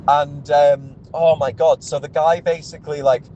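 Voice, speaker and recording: A man's voice: fairly high pitch, level tone, moderate pace, dark tone, muffled recording, a little hiss or hum. Sweary man ranting. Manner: exasperated, sweary, rambling with restarts. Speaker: car sales executive. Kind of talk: ranting vlog monologue.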